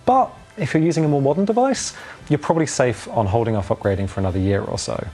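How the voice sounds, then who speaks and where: A man giving a scripted tech review in a clear, measured and lightly wry way, filmed outdoors on a phone's own microphone. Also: mid-range voice, warm tone, faint music behind. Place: outdoors in wind. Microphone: phone's built-in microphone.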